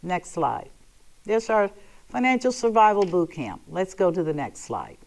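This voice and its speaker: A woman's voice: lowish voice, big pitch swings, measured pace, gravelly, darkish tone. A woman hosting a televised money seminar. She talks bluntly and with emphasis, straight to her viewers, and now and then breaks into theatrical emotional outbursts. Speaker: host giving a financial seminar. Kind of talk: televised financial lecture.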